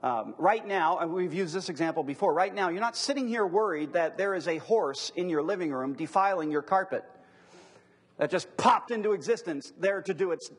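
In a classroom lecture on apologetics before a live audience, a man with a high, husky voice speaks in an animated, conversational manner. He slows down to repeat key phrases for emphasis.

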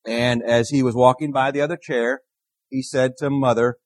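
A man's voice: mid-range voice, fairly even intonation, normal speed, dry recording. Male minister, conversational sermon, asks the congregation questions; dry, close recording. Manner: earnest, repeats key phrases, asks the congregation questions.

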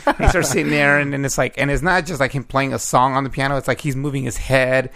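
A man with a gravelly voice, musing and rambling in a casual chat. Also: mid-range voice, fairly even intonation, fast, few pauses, pushed and bright.

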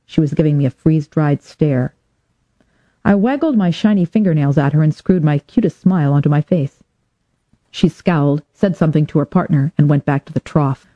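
A woman narrating a hardboiled audiobook in first person, wry and deadpan, letting the dry jokes land flat. The recording is dry and close with a dull, lo-fi edge. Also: low-pitched, no room sound.

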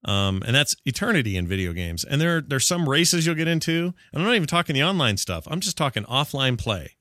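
A man hosts a casual gaming news show, rattling through stories with quick sarcastic asides. His voice sits mid-range in pitch. The recording is dry and close, with no room sound. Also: big pitch swings, pushed and bright, no room sound. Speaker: podcast host.

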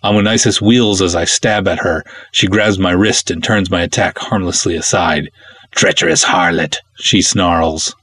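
A male host narrating a first-person pulp adventure with wry humor and lively pacing. His voice sits low, with a husky, slightly breathy texture that stays under the whole reading. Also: normal speed, few pauses. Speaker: host and story reader.

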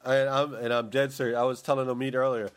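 A man's voice: medium pitch, little pitch movement, fast talker, clear, resonant tone. A man in casual chat, talking in a rambling, opinionated way with many restarts.

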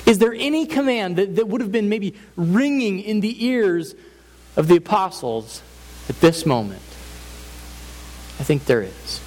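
A man's voice: high voice, sing-song, a little slow, darkish tone, low-quality recording. A man preaching a sermon as pastor, earnest and emphatic, building points through repeated phrases. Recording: faint hiss.

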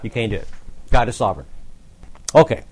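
A man's voice: mid-range voice, expressive, brisk, darkish tone. A man teaching a Bible study, explaining verses in a conversational way with asides to the group. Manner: conversational, explanatory, occasional laughs.

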